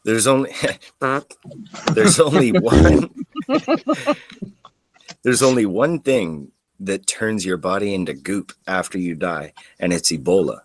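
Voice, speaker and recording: A man's voice: fairly low pitch, very animated, takes it slowly, pauses often, no room sound. A man in a car bantering casually, throwing in dry teasing quips.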